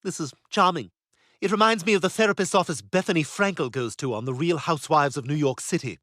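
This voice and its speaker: A man's voice: a little high, fast, a bit bright, dry recording, clean studio sound, close to an everyday voice. An actor voicing a snobbish, catty toddler boy who talks in a pompous, sarcastic way. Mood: snide.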